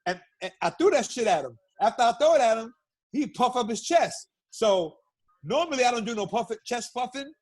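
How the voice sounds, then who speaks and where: A middle-aged man from Brooklyn, a guest telling stories in a casual interview, animated and profane, acting out what people said. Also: very high voice, moderate pace. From Brooklyn, New York. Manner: animated, profane storyteller who acts out quotes.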